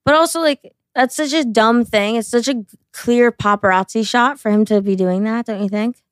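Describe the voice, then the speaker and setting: A woman's voice: a little high, moderate pace, no room sound, studio quality. A young adult woman co-hosting a casual chat podcast, mocking and profane, laughing often. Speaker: podcast co-host.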